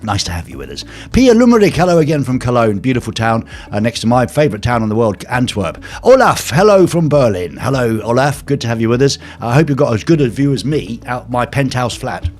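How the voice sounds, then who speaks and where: A man hosting a live stream from his home flat, chatting casually with viewers in a jokey, rambling way full of fillers. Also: mid-range voice, a little fast, hardly any pauses, faint music behind. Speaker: live show host.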